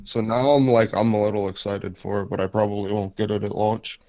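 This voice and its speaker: Guest, man, low voice, blunt and laid-back, dry close mic. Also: flat delivery, fairly quick, mellow, no echo. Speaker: podcast guest. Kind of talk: casual chat.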